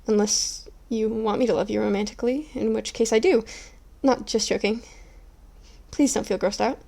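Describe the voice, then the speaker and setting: A woman's voice: on the high side, steady tone, moderate pace, vocal fry, mellow. A woman voicing an insecure, clingy young female neighbor in an ASMR role-play, talking in an anxious, apologetic, rambling way. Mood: flustered.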